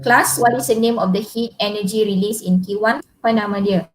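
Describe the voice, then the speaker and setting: A woman's voice: medium pitch, steady tone, a little fast, slight background noise, low-quality recording. A middle-aged woman with a Malaysian accent teaching an online physics class, patiently repeating points and quizzing her students.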